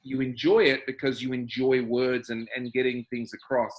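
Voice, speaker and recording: A man's voice: medium pitch, little pitch movement, normal speed. A man with an Australian accent, a guest musician talking casually and wryly, building his points in lists. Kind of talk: casual conversation.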